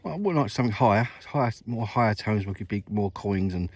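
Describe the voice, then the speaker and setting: A man's voice: fairly low pitch, lively intonation, a little fast, darkish tone, breathy edge, dry recording. A middle-aged man with a West Country accent, chatting to viewers while metal detecting in an open field. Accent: English West Country. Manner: chatty, addresses viewers as mate and guys. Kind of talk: casual outdoor commentary. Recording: noisy outdoor field recording.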